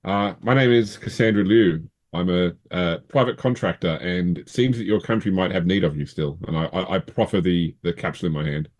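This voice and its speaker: Deep-voiced Australian man, stammering. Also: brisk, hardly any pauses. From Canberra, Australia. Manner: hesitant, stammering. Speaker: player.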